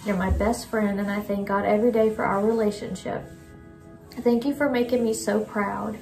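A middle-aged mother reading a heartfelt message from notes, halting and close to tears. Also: medium pitch, fairly even intonation, vocal fry, darkish tone, echoey room, soft background music, low-quality recording.

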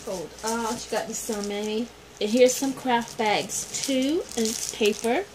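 Slow, high-voiced gushing woman vlogger. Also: background noise. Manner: gushing, excited, repeats herself. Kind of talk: casual haul video.

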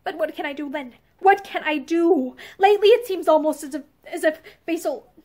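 A woman's voice: very high voice, fairly quick, mellow. A woman reading the part of an unhappy, frightened wife who speaks in despair. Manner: distressed, despairing.

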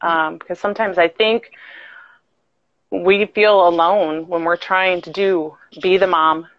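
A woman's voice: lowish voice, fairly even intonation, unhurried, no room sound. A woman sharing a heartfelt personal testimony over a video call, earnest and tumbling through her phrases. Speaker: guest caller. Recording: dry, dull video call audio.

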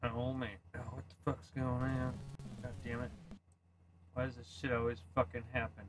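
A man live-streaming a retro video game while drinking, rambling and swearing loudly at the game. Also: medium pitch, monotone, normal speed, noisy background. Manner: profane, rambling, yells at the game. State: tipsy from drinking. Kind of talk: casual live-stream commentary.

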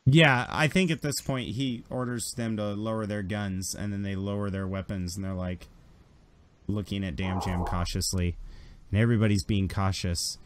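A man's voice: fairly low pitch, fairly even intonation, normal speed, slight background noise. A man running a tabletop game as game master, describing scenes in a loose, conversational way.

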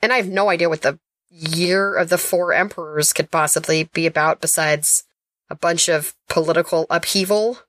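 A woman co-hosting a podcast in casual chat, joking and reacting with quick questions. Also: fairly low pitch, a bit bright, no echo, studio quality. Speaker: podcast co-host.

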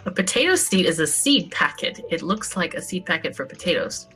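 A woman's voice: on the low side, very animated, brisk, pushed and bright. A woman co-playing a farming game, chatting casually, explaining things and laughing often. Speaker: co-op gaming guest. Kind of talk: casual let's-play chat.

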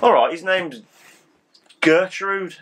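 A man co-hosting a casual guessing game, animated and laughing, with mock outrage. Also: high voice, slow pace, husky. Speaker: co-host.

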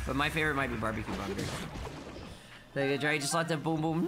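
A man's voice: fast, noisy background. A man streaming a video game in a playful, cutesy baby-talk manner, calling himself by a nickname, with game music behind him. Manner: swings between mumbling asides and high excited yelps. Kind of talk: live gameplay commentary.

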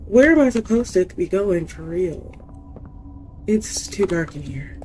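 A woman's voice: fairly low pitch, lively intonation, unhurried, warm tone, a little hiss or hum. A woman streamer commenting casually on a horror game, reacting with frustration and panicked repetition. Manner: reactive, exasperated, repeats herself in panic. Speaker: gaming streamer.

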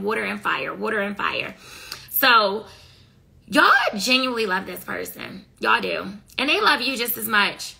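A woman's voice: mid-range voice, big pitch swings, moderate pace, creaky, sharp tone, breathy edge. A woman doing a casual tarot reading, talking bluntly in profane slang and scolding her listeners. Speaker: tarot reader.

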